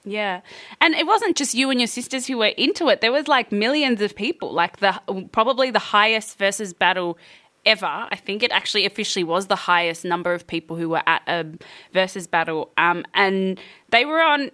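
A woman's voice: medium pitch, lively intonation, fairly quick, bright, forceful tone. A woman radio host in a casual chat, asking her guest questions in a conversational way.

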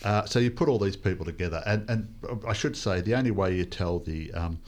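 A man's voice: low voice, fairly quick, darkish tone. A man hosting a casual film chat, talking in a loose, rambling way with many restarts. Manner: rambling, hesitant, full of restarts. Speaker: podcast host reviewing a film.

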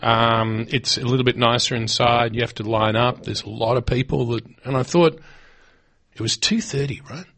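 A man co-hosting a radio show, chatting and telling stories in an animated way. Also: medium pitch, moderate pace. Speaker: radio co-host. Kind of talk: casual radio chat. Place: radio studio.

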